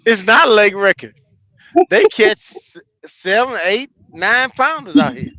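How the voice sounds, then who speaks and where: A man, a competing angler, trading loud, playful jokes in banter. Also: high-pitched, animated, unhurried, no echo, poor audio. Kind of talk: joking banter.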